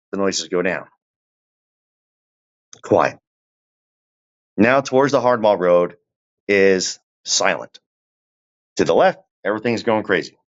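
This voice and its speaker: A low-voiced man with a drawl tells a long, unhurried story as a guest on a podcast, often turning to the listener with small asides. It's casual storytelling, and the audio sounds dull and lo-fi, like a remote call.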